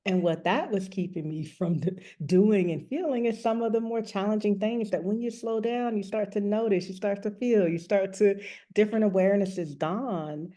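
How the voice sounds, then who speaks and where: A woman who is a rest coach and author speaks as an interview guest, sharing a personal story frankly and earnestly. Her voice is warm and medium-pitched, at a normal speed.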